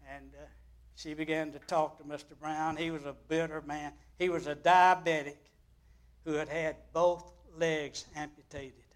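Male pastor, sermon, high voice, slow and dramatic storyteller. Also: little pitch movement. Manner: dramatic storytelling with big swings in loudness.

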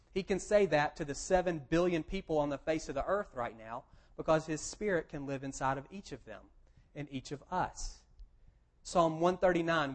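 A man preaching a sermon, explaining plainly and quoting scripture with emphasis. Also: on the high side. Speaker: pastor.

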